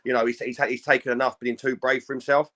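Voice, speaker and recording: A British man co-hosts a casual podcast at a quick pace, in a mid-pitched voice. He rambles, restarts his sentences often, and swears without fuss. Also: little pitch movement, sharp tone. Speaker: podcast co-host.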